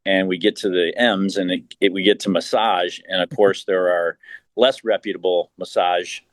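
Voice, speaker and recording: A man with a very deep voice tells a long anecdote as an interview guest, often repeating words as he builds the story. His voice sounds close and dry, with no reverb. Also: steady tone, moderate pace. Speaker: team executive, interview guest.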